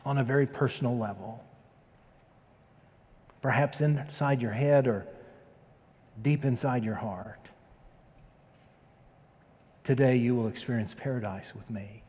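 A man preaching a sermon as pastor, telling a story with dramatic loud peaks and quiet, slow prayerful passages. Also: mid-range voice. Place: church sanctuary. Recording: long reverb of a church sanctuary.

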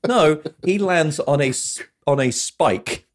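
A man's voice: on the high side, takes it slowly. A man hosting a casual film podcast, retelling movie scenes and quoting lines with enthusiasm. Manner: animated storyteller, retells scenes with quoted lines. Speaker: podcast host.

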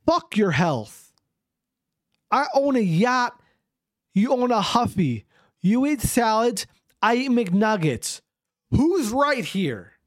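A loud, gloating rich guy who sneers at everyone from his yacht, as a man puts him on. His voice runs high and pushy, taunting and profane, recorded close and dry with no room sound. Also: very animated, measured pace, pauses often, dry recording. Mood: arrogant taunting.

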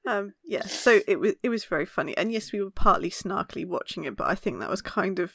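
Woman podcast co-host, chatty and laughing, dry close sound, mid pitch. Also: fast, gravelly, slightly rough, no room sound. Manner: chatty, laughs often, animated storytelling. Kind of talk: casual chat.

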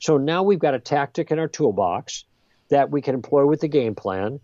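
A man guest on a podcast, explaining ideas in a lively conversational way and acting out exchanges. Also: medium pitch, normal speed, no room sound, lo-fi sound. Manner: lively, role-plays exchanges with emphasis. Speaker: guest author.

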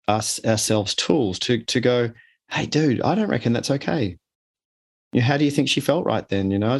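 Australian male author guest, somewhat low voice, earnest, talks in long examples. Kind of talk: conversational interview.

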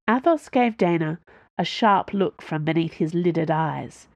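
Woman narrating in a low, dry voice. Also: expressive, unhurried, gravelly, no room sound. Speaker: audiobook narrator. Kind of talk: scripted narration.

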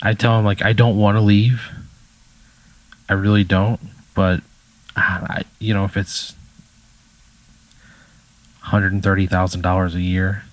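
A man's voice: low voice, little pitch movement, measured pace, pauses often, rough recording. A man, a comedian, bantering as a guest with dry, exasperated reactions.

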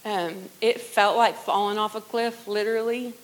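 A middle-aged woman sharing a personal testimony in church, earnest and conversational, often dropping to a hushed voice. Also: medium pitch, steady tone, normal speed, rough recording. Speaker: worship leader sharing testimony.

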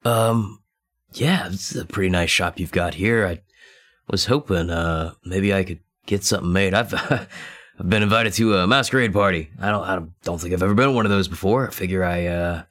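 A man's voice: sits low, a bit bright. A man playing a male private eye who acts like an eager, friendly tourist.

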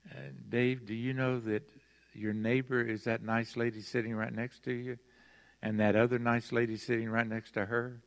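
An older man delivers a sermon to a congregation, earnest and emphatic, slowing to lean on his key words. His voice sits at an ordinary middle pitch. The sound rings with the long reverb of a large church sanctuary. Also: level tone. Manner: earnest, emphatic, with slow stressed phrases. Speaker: pastor.

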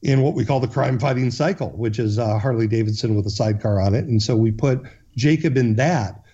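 A man's voice: mid-range voice, brisk, dark tone, breathy edge, lo-fi sound. A man, a guest in an interview, telling a long story earnestly, with frequent restarts and fillers.

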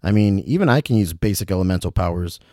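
A man voicing a laid-back young male elf who talks in a slow, hesitant drawl. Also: deep voice, dark tone, no echo, studio quality, natural voice.

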